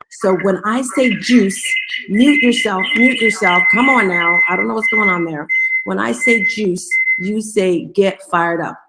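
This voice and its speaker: A woman hosting a live motivational morning talk, upbeat and coaxing as she draws listeners in and leads call-and-response. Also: medium pitch. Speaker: host of a live audio room.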